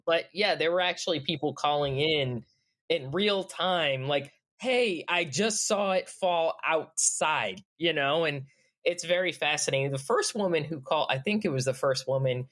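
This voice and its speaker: A woman, chatting as a podcast guest, enthusiastic and quick to laugh. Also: low-pitched, fairly bright tone. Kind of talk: casual chat.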